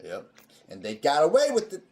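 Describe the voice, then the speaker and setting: A man's voice: a little high, wildly swooping pitch, brisk, a little mellow. A man co-hosting a podcast in casual chat, emphatic and profane as he riffs on movies. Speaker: podcast co-host.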